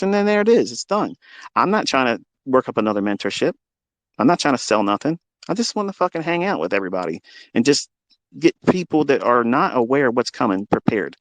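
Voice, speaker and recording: A man's voice: mid-range voice, dry recording. A man hosting a live audio room as a trading mentor, ranting in a profane, confrontational and boastful way. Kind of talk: unscripted live audio rant.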